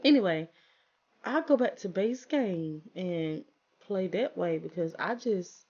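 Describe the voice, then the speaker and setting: Chatty gamer woman, gravelly voice. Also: mid-range voice, expressive, takes it slowly, a little mellow, muffled recording. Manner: chatty, talks to viewers and her game characters, exasperated asides. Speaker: gaming channel host. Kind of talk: casual let's-play commentary.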